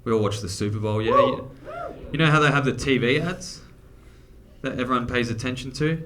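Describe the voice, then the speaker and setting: A man's voice: medium pitch, brisk, a bit bright, slight background noise. A man with an Australian accent performing a crude, self-mocking stand-up comedy set on a theatre stage.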